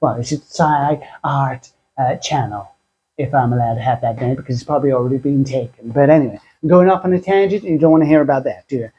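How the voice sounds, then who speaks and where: A man hosting a craft tutorial, chatty and self-deprecating, speaking in a husky put-on voice that sounds like a sore throat. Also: medium pitch, quick pace, mellow, dull audio. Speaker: craft channel host.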